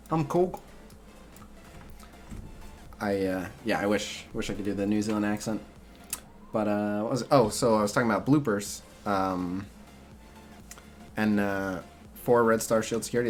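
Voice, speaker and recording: A young man streaming a mobile game, chatting casually with his viewers in a rambling way full of "like" and "uh" fillers. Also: on the low side. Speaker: streamer answering chat. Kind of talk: casual livestream chat about a mobile game.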